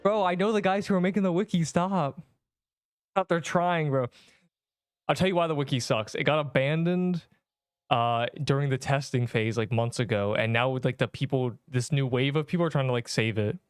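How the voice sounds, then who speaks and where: Young man streaming a game, smooth voice. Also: mid-range voice, normal speed, no room sound, studio quality. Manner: rambling, slangy, talks to chat while playing. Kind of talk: casual gaming livestream chat.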